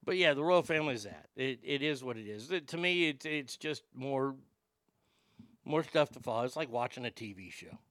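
A man hosting his own podcast, reading listener mail in a profane, excitable, rambling way. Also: mid-range voice, normal speed, no room sound, clean studio sound. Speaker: podcast host.

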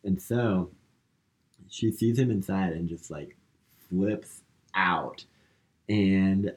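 A man's voice: deep voice, a little mellow. A man co-hosting a podcast, casually retelling a movie plot with lots of fillers. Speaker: podcast co-host. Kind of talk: casual movie recap chat.

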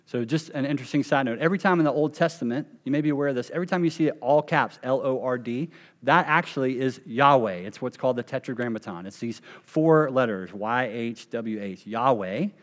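A man pastor delivering a sermon with a mid-range voice. He leans hard on key phrases, stretching them out and dropping them to near a hush. The sound carries the long reverb of a church sanctuary. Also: mid-range voice. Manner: emphatic, slows and drops to a hush on key phrases.

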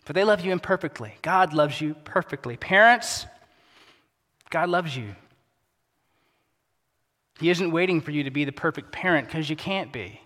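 A pastor preaching a sermon in a casual, conversational way, dropping to a soft, quiet voice for emphasis. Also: male voice, a little high, lively intonation, normal speed, long pauses. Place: church sanctuary. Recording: long hall reverb.

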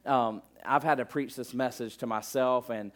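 A middle-aged man preaching a sermon in a relaxed, conversational manner, with plenty of asides and filler words. His voice sits at an ordinary, mid-range pitch for a man. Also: normal speed. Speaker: pastor.

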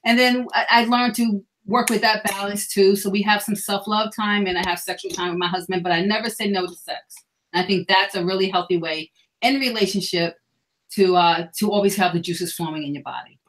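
A woman's voice: mid-range voice, steady tone, brisk, fairly bright tone, a little hiss or hum, poor audio. A middle-aged woman speaking frankly and earnestly as a guest on a candid panel discussion. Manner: frank, sexually explicit, earnest.

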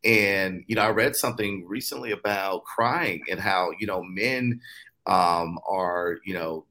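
A man's voice: sits low, unhurried, sharp tone. A man in his forties, a guest on a casual podcast, explaining things in a loose, friendly way with lots of "you know" fillers.

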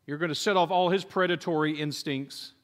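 High-voiced animated male preacher. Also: fairly quick. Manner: animated storytelling, acts out quoted voices, jokes with the congregation. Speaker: pastor. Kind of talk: sermon.

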